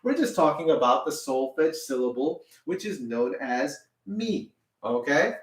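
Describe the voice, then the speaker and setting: Male music teacher, lively pitch, recorded a bit off-mic in a roomy room. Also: a little slow, recorded from a distance. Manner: patient, repeats "okay?" after each point; sings solfege syllables in a high voice. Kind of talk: children's music lesson. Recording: roomy sound, a little off-mic.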